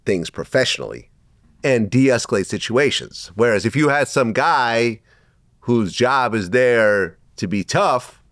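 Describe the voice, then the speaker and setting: A man hosting an interview, giving short prompts and measured commentary. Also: mid-range voice, very animated, a bit bright, dry recording, studio quality. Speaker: interview host.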